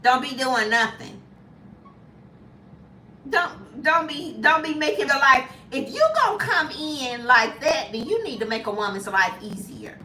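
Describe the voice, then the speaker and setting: Fifties woman vlogger, high lively voice, emphatic, laughing, echoey room, mic at a distance. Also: unhurried, a little hiss or hum. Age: 50s. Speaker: lifestyle vlogger. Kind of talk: casual live chat.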